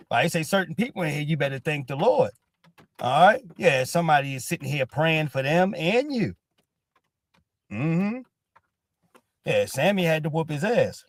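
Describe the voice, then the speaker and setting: A man hosting a casual live stream, retelling gossip in an animated way, punctuating nearly every line with "all right?" and acting out what others said. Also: fairly high pitch, a little slow, long pauses, no echo. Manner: repeats "all right?" constantly, animated storytelling, acts out quotes. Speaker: host.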